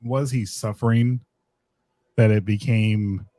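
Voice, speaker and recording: A man in a casual podcast conversation, mid-pitched and halting, often restarting his sentences. The recording is dry and close. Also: fairly even intonation, mellow, no room sound. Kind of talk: casual chat.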